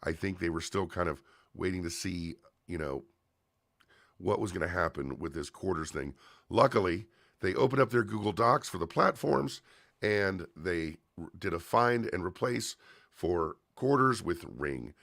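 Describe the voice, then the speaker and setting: A man's voice: low-pitched, expressive, a little slow, vocal fry, a bit bright, dry recording, studio quality. A man hosting a livestream, casually reviewing a wrestling show in a chatty, opinionated way with frequent fillers and restarts.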